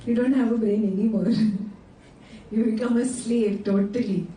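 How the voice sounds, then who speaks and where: A woman teaching a class on a sacred text in an animated way, often checking in with her students with quick questions. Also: fairly high pitch, reverberant, distant mic, slight background noise, poor audio. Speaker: scripture teacher. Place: indoor class room with students.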